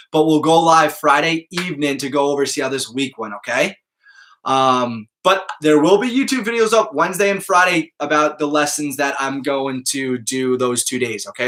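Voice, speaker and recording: Male math teacher, upbeat and casual, slightly high bright voice, keeps checking in with students. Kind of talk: live online class talk to students.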